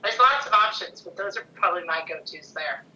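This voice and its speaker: Enthusiastic female guest, very bright tone, slightly distant from the mic. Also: medium pitch, lively intonation, brisk, dull audio. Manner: enthusiastic, laughs often. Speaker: guest, co-owner's wife. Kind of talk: casual chat. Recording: a bit off-mic.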